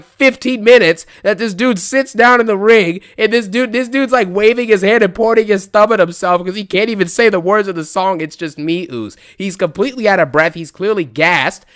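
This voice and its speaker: High, clear-voiced man ranting and laughing. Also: moderate pace, few pauses. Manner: laughing often, animated, chatty fillers. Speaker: wrestling reaction YouTuber. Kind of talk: casual unscripted rant.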